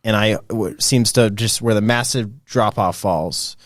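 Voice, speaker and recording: A man in his thirties hosting a podcast in casual chat. He talks in an animated way, with lots of fillers, and laughs often. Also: lowish voice, a little slow, no room sound, studio quality. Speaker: podcast host.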